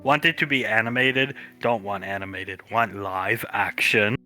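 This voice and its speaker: A man's voice: lowish voice, steady tone, measured pace, bright, forceful tone. A man voicing a blunt male character who talks in clipped, broken English, with faint guitar music behind. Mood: scheming.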